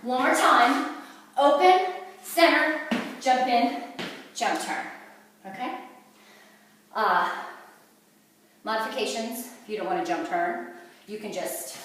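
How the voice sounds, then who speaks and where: A woman's voice: on the high side, expressive, slow, pauses often, a bit bright, slight background noise. A woman fitness instructor demonstrating a workout, calling out each move as she does it and getting out of breath. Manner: cueing moves while exercising. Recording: very echoey room from far off.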